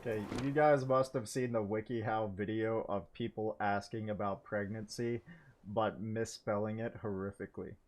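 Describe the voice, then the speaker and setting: A man's voice: fairly low pitch, fairly even intonation, normal speed, darkish tone. A man giving casual commentary while he plays a game, thinking aloud, swearing now and then and laughing at his own jokes. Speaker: gamer streaming to viewers.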